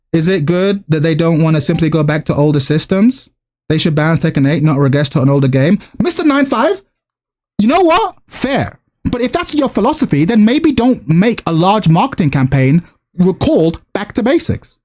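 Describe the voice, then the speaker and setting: A man's voice: sits high, sing-song, moderate pace, darkish tone. A man streaming, ranting to his chat with exasperated, repetitive, swearing commentary.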